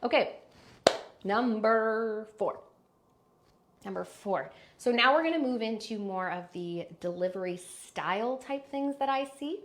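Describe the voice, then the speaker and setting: Expressive and moderately paced, a woman teaches speaking voice in a live online class, with slight background noise. She shows habits through exaggerated demonstrations, changing her pitch and volume.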